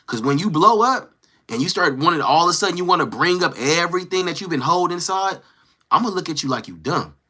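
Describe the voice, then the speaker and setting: A man hosting a casual livestream, talking to his chat in a slangy, animated way and acting out quoted lines. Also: fairly high pitch, fast talker. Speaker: livestream host. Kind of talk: casual livestream chat, reading viewer comments.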